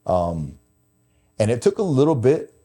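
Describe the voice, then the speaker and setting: A man's voice: mid-range voice, sing-song, unhurried, mellow. A middle-aged man hosting a podcast, telling a personal story in a candid, emotional way and swearing freely. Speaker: podcast host.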